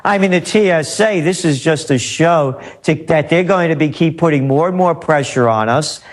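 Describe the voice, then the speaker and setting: A man's voice: a little high, moderate pace. A man as a guest on a talk radio interview, ranting emphatically and repeating his points. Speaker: guest trend forecaster.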